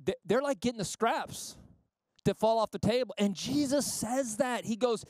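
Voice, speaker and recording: A male pastor giving a sermon in a conversational, animated way, with frequent asides. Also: very high-pitched, moderate pace, no echo.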